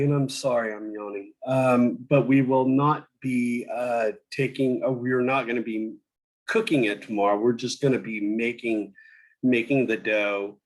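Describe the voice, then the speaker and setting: A man teaching a cooking class over a video call, talking slowly with many fillers and restarts. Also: mid-range voice, poor audio. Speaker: cooking instructor.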